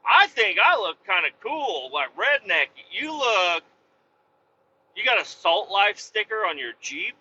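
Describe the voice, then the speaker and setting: A man hosting a comedic rant, swearing constantly, mocking and shouting in bursts. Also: high-pitched, very animated, unhurried, slightly rough, muffled recording. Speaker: host.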